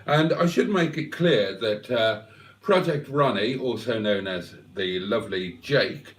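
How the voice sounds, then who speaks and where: A man's voice: mid-range voice, far from the mic. A man hosting a casual livestream, joking as he reads out viewer comments. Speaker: livestream host.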